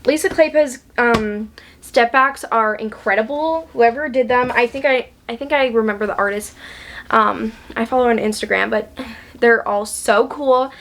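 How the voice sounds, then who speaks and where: A woman's voice: fairly high pitch, a bit bright. A woman book vlogger in a casual chat, gushing and chatty, with lots of ums and likes.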